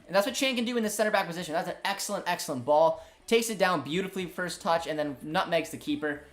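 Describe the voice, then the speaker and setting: A young man with a slightly high voice hosts a live match stream, talking in an excited, chatty way and reading out the chat between plays. Faint music plays underneath his voice. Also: fast, hardly any pauses. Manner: excitable, chatty, frequent fillers. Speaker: host of a football watchalong stream.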